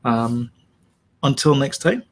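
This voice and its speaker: A man hosting a podcast, talking in a relaxed, hesitant way with plenty of "uh". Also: mid-range voice, takes it slowly, over a noisy crowd. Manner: relaxed and hesitant, full of "uh" while wrapping up. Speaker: podcast host. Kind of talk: casual chat.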